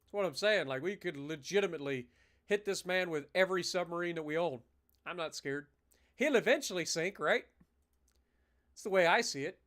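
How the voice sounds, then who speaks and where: A man thinking aloud in casual commentary on a live strategy game, his throat a little rough and often cleared, with the odd curse. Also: high-pitched, expressive, brisk, a bit bright. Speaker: game streamer.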